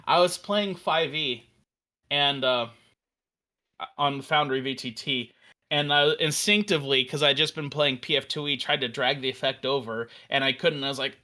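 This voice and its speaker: A man casually walking through a software demo on a live stream, enthusiastic and rambling, with fillers and restarts. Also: medium pitch, normal speed. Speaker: developer demoing a virtual tabletop.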